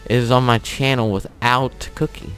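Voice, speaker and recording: A man's voice: medium pitch, steady tone, measured pace, fairly bright tone, faint music behind. A young man hosting a gaming channel, telling a story in a rambling, offhand way with chuckles while he plays. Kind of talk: casual commentary over gameplay.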